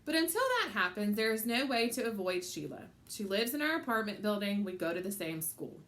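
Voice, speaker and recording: A woman narrating a children's audiobook with an animated, expressive delivery. Her pitch moves freely up and down as she tells the story. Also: brisk. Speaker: audiobook reader.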